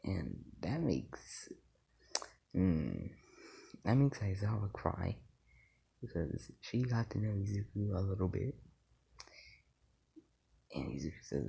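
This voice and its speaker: A man tells a made-up fan story in a deep, slow, unhurried way. His voice is gravelly and husky, with a dark, mellow tone. He rambles and stops to think, and often drops to a half-whisper. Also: sing-song. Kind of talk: casual improvised fan story narration.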